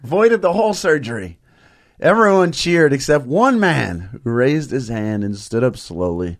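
A man's voice: mid-range voice, big pitch swings, normal speed. A man co-hosting a comedy show, telling a story with a joking manner and laughing along the way. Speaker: co-host.

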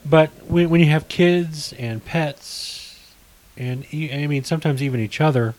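A man's voice: a little high, measured pace, a little mellow, poor audio. Man, middle-aged, podcast co-host, casual rambling chat, self-correcting.

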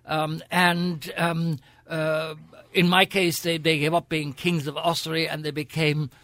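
Older Irish gent with a grand upper-class accent, gravelly and bright, wry raconteur, dry studio sound. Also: male voice, a little high, level tone, unhurried, dry recording. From Ireland. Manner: theatrical, wry storyteller. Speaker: guest, senator. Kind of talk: frank anecdotal interview. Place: radio studio.

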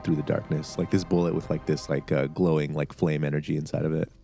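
A man's voice: rumbling low, flat delivery, fast talker, vocal fry, warm tone, soft background music. A man running a tabletop game as game master, rambling with many fillers and laughing often.

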